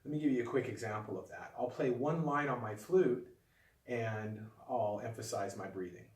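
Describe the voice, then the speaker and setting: Male flute teacher, patient and calm, mid pitch, echoey room, a bit off-mic. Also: normal speed, recorded from a distance. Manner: calm, patient, demonstrative explaining. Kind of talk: instructional video lesson.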